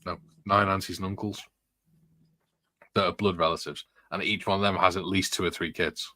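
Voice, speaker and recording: A deep-voiced male host talks at normal speed with a steady tone that sounds pushed and bright. In the dry recording he reads viewer comments and tells rambling, chatty stories punctuated by frequent laughs.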